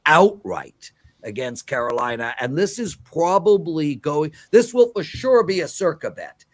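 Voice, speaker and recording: Guy on a live betting show, kinda high voice, preachy and emphatic. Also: big pitch swings, a little slow. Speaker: sports betting analyst.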